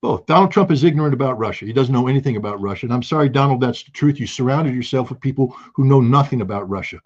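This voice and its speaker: Husky, indignant man ranting. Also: medium pitch, racing, muffled recording. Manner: forceful, indignant, with frequent restarts. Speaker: guest commentator. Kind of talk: heated political commentary.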